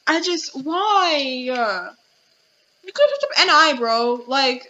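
A woman's voice: high-pitched, very animated, slow, bright, forceful tone, muffled recording. A young woman hosting a casual podcast, ranting with exasperation and reading out chat messages. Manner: indignant, exasperated, reads chat messages aloud. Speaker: podcast host.

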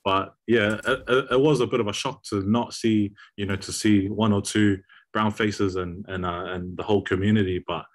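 A young man with a New Zealand accent, a university student guest chatting in a relaxed way with frequent restarts. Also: on the low side, moderate pace. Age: young adult. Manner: relaxed, repeats words when starting. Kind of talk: casual chat.

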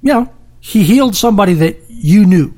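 A podcast co-host in a casual Bible discussion, talking in an animated way and acting out crowd voices. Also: medium pitch, a little fast.

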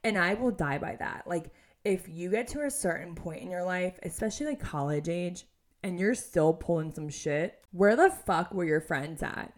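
A woman's voice: on the low side, lively intonation, moderate pace. A woman in her twenties hosting a casual podcast chat, blunt and swearing often, with lots of "like". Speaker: podcast host.

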